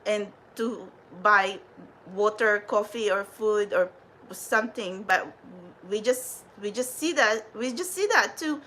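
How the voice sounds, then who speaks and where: A woman's voice: medium pitch, slow pace, fairly bright tone, a little hiss or hum, rough recording. A woman hosting a spiritual livestream, ranting in a profane, defiant and rambling way.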